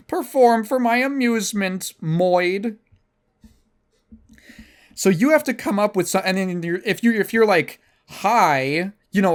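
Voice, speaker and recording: A young man hosting a podcast, telling a rambling, profane, self-mocking story in casual chat. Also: fairly high pitch. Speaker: podcast host.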